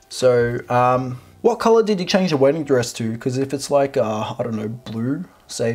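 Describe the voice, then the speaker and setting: Husky-voiced male host, blunt and sarcastic post commentary, heavy swearing. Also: medium pitch, normal speed, hardly any pauses, a little mellow. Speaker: video host. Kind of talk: reading and commenting on a reddit post.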